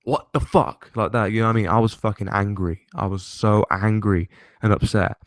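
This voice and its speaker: Rambling young man, low voice. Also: steady tone, a little fast, dry recording. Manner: rambling, swears casually, laughs often. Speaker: host. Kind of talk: casual rambling chat.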